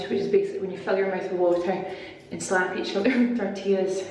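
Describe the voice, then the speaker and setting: A woman chatting casually and excitedly to camera as a beauty vlogger at home, rambling with plenty of asides. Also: medium pitch, fast talker, hardly any pauses, over music. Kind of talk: casual vlog chat. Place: at home, part of it in her bathroom. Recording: echoey room with faint ambience.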